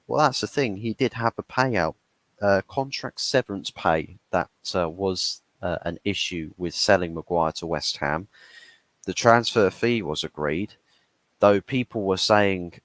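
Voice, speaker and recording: A man's voice: deep voice, fairly bright tone. A man hosting a football channel, ranting in casual chat and acting out quoted dialogue with frequent restarts. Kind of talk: casual chat, opinionated rant.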